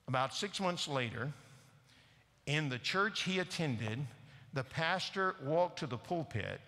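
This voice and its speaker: A man's voice: fairly high pitch, expressive, unhurried, bright, forceful tone, in a large hall. A man preaching a sermon in a church, earnestly and directly questioning the congregation. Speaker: guest preacher. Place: church sanctuary.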